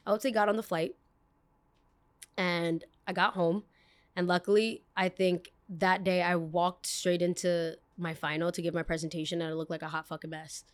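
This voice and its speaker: A woman hosting a podcast, telling a story in a rambling, expressive way and swearing casually. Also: lowish voice, moderate pace. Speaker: podcast host.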